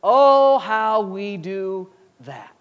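Guy preaching, really high voice, emphatic, keeps hammering his points. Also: lively intonation, drawn-out words, smooth, dull audio. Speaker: pastor. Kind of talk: sermon.

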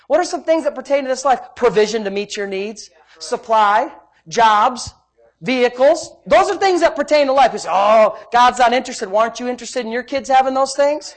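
A woman with a high voice preaches a sermon, swinging from loud emphasis to hushed asides. She tells homey stories laced with laughter.

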